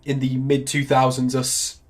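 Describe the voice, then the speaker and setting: A man's voice: mid-range voice, completely flat delivery, unhurried. Chatty sweary English guy streaming. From England. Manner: swears a lot, laughs often, chatty and opinionated. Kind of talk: casual chat.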